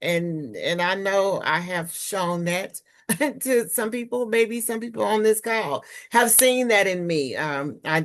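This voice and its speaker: A woman presenting on trauma healing in a webinar, speaking candidly and personally from her own experience over a video call. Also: low voice.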